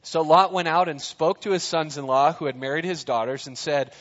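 Chatty and quick with jokes, a man gives a relaxed sermon and turns to the room with questions. His voice is a little high for a man and rings out across a large hall with a long reverb tail, sounding slightly dull.

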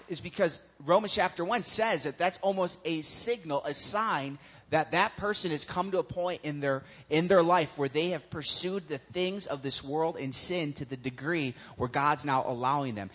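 Preacher, male, slightly high pitch, casual animated delivery, dull lo-fi recording. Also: breathy edge. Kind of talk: sermon.

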